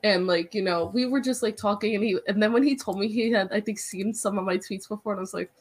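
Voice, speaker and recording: A woman's voice: medium pitch, quick pace. Bubbly young woman telling a story. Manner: bubbly, excitable storytelling, many "like"s. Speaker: wrestling interviewer, podcast guest. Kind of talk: casual podcast chat.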